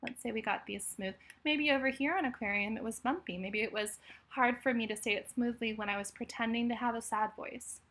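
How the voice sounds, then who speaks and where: A woman's voice: a little high, a little fast, fairly bright tone. A woman, a speech therapist, walking through a therapy resource in a friendly, explanatory way with frequent fillers. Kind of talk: screen-share walkthrough tutorial.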